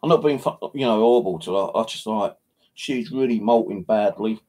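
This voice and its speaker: A man's voice: on the low side, fairly quick, a little mellow, husky. A man hosting a paranormal channel, chatting casually in a rambling, sweary way with constant filler. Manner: rambling, sweary, heavy "you know" filler. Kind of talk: casual livestream chat.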